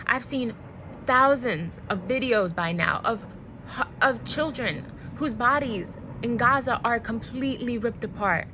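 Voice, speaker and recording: A woman speaking earnestly and deliberately to camera, emotionally worn out. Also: on the high side, animated, noisy background. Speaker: social media creator. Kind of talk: direct-to-camera commentary video.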